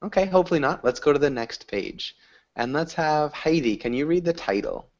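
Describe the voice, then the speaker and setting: A man leads an English lesson over a video call, his voice rising and falling in a very lively way. He keeps praising and encouraging his students. The audio is dull and lo-fi. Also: fairly high pitch, fairly quick. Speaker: English teacher. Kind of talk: online language class.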